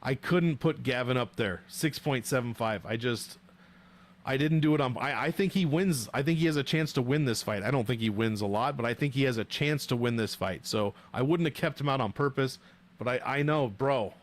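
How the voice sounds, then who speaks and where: A young man at a home streaming desk talks straight into his microphone, chatting loosely with his viewers. He jokes, swears freely and riffs in animated banter, his voice sitting at an ordinary mid pitch for a man. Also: moderate pace. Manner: profane, joking, animated banter. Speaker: livestream host rating fighter nicknames. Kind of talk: casual livestream chat with viewers.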